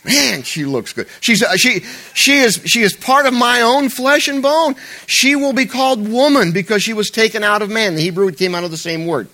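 A man's voice: high voice, fairly quick, few pauses. A man preaching a conversational sermon to his congregation, with playful asides. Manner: animated, conversational, jokey asides. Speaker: pastor.

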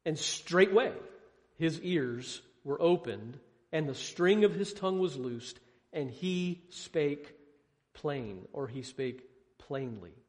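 Male preacher, high register, dramatic questions and hushed drops, in a room with a long echo. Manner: asks rhetorical questions, swings between loud emphasis and hushed lows. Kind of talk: sermon. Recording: long hall reverb.

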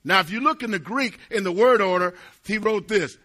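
A middle-aged man preaching a sermon as pastor, dramatic, swinging from quiet asides and jokes to loud, emphatic preaching. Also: high voice, fairly quick, few pauses.

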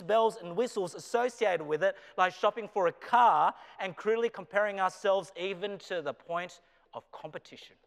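A man with an Australian accent, a pastor who teaches business, preaching a sermon. His delivery swings between loud emphasis and quiet, low asides. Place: chapel hall. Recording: reverberant chapel hall.

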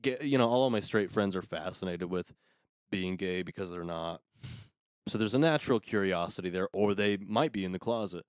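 A man's voice: deep voice, fairly quick, no room sound. A man hosting a podcast, ranting crudely and sarcastically in casual comedic talk. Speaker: podcast host.

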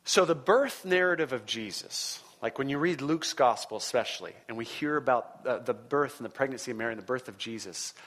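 A man's voice: mid-range voice, fairly bright tone. A man preaching a sermon in a conversational, emphatic way, often chuckling between points. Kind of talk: sermon teaching.

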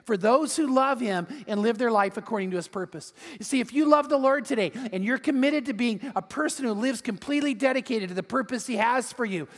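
High-voiced pastor preaching in a reverberant hall. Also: male voice, fairly quick, hardly any pauses. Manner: animated storytelling, repeats words. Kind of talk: sermon.

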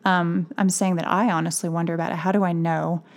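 A woman with a lowish, flat voice co-hosts a faith podcast. She talks candidly and with a wry edge, turning her doubts into open questions. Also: fairly quick. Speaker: podcast co-host.

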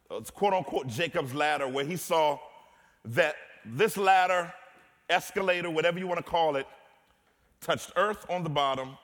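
A man's voice: on the high side, a bit bright. A man preaching a sermon as pastor, moving from humorous storytelling to impassioned preaching. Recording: long hall reverb.

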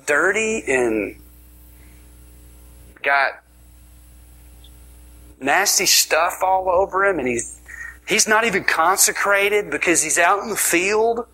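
A man's voice: high-pitched, animated, takes it slowly, long pauses, sharp tone, husky, voice pushed up, exaggerated voice. A man voicing an older father who shrugs off his youngest son, in an offhand, comic way. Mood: dismissive.

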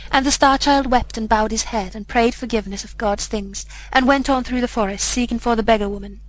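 A woman narrating a fairy tale audiobook in a measured, solemn storytelling manner. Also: fairly high pitch, rough recording.

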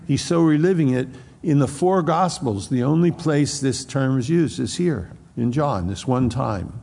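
A man's voice: medium pitch, vocal fry, a little mellow, big-room sound. A middle-aged man preaching a sermon, reflective, reading scripture aloud in old-style wording. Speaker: pastor. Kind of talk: expository sermon.

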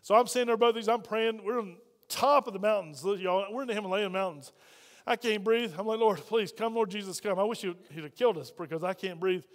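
Male pastor, middle-aged, high-pitched, dynamic sermon delivery that rises and drops, long reverb. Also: fairly quick. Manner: storytelling preacher, swings between loud and hushed. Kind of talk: sermon with story. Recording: hall reverb.

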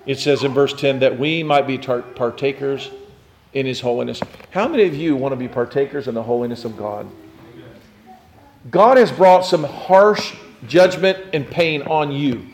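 A man preaching a sermon, dropping to soft low asides and then climbing into impassioned cries as he acts out prayers. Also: animated, a little slow, pauses often, a little hiss or hum. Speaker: pastor.

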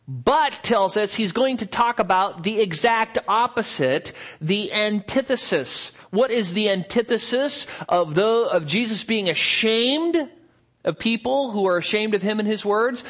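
High-voiced man preaching a sermon. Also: fairly bright tone. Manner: earnest, explanatory preaching with rhetorical questions. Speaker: pastor.

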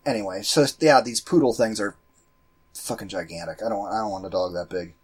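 A man co-hosting a casual movie commentary podcast, rambling and swearing as he tells animated stories. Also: lowish voice, brisk, slightly rough. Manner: profane, rambling, animated storytelling. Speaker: podcast co-host.

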